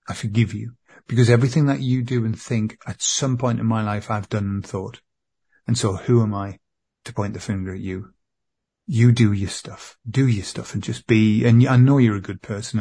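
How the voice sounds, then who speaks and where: A man with a low, gravelly voice speaks earnestly in a therapy session, stumbling and repeating his words. His tone is husky. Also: mellow. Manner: earnest, repetitive, halting with restarts. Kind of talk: emotional spoken address to an empty chair.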